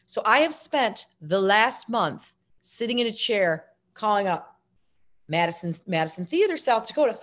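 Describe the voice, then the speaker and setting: Middle-aged woman, interview guest, chatty, tangent-hopping, self-deprecating, mid-pitched voice. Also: moderate pace. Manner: lively storyteller, self-mocking, jumps between tangents. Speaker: actress and filmmaker, guest. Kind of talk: casual interview storytelling.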